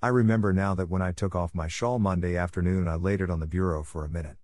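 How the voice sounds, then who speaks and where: A man voicing a stern, strict middle-aged farm woman in an audiobook, brisk and scolding. The recording is dry and close. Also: deep voice, steady tone, a little mellow, no room sound, lightly acted. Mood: bewildered. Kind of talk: audiobook character reading.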